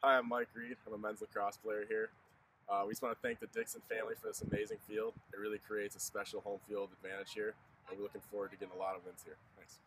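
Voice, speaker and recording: A young male college athlete giving a quick, low-key thank-you message outdoors. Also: level tone. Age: young adult. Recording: outdoor camera audio, noisy.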